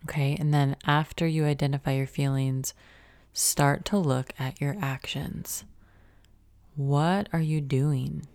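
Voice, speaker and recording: Low, gravelly woman talking self-help. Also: fairly even intonation, slow, a little mellow, no room sound. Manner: conversational, asks many questions, drops to a whisper at times. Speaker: podcast host. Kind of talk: reflective self-help talk.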